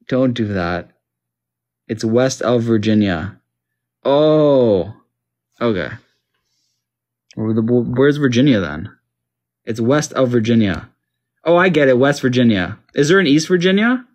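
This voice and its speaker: A man from Canada, casually talking to himself while playing a map quiz game, confused and joking. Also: medium pitch. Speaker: gamer. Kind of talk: casual gaming commentary.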